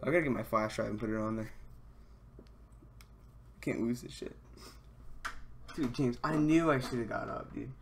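A young man live-streaming a game, talking casually and excitedly, swearing a lot as he fanboys over another player. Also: mid-range voice, moderate pace, gravelly, pauses often, over loud music. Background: keyboard typing and mouse clicks.

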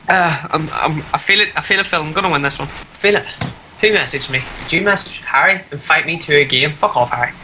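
A woman's voice: deep voice, quick pace, sharp tone, slight background noise, rough recording. A woman ranting and swearing at a rival player while commenting on her own gameplay. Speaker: gamer.

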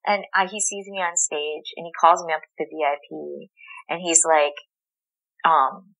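A woman guest in an interview, telling a story in a casual, animated way, acting out the dialogue and laughing often. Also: deep voice, normal speed, vocal fry, low-quality recording. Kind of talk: conversational storytelling.

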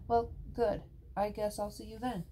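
A woman's voice: medium pitch, little pitch movement, moderate pace, background noise, natural voice. A woman reading as a guarded, awkward preteen girl.

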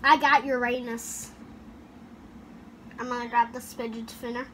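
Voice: medium pitch, level tone, unhurried, pauses often, noisy background. A gaming YouTuber giving goofy, chatty commentary over gameplay, talking into a headset mic. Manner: chatty, goofy, makes sound effects.

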